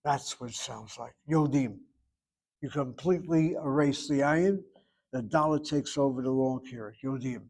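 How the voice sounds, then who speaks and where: An older American man with a mid-range, darkish voice teaches a Hebrew grammar class at normal speed. He drifts into asides and over-pronounces each word emphatically so students can copy it.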